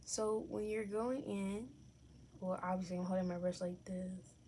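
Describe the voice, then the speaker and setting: A young adult woman vlogging a makeup tutorial from home. She talks unhurriedly in a mid-pitched voice, chatty and candid, with fillers and self-corrections. A light hiss sits behind her. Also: steady tone, unhurried, dark tone. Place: at home, filming herself.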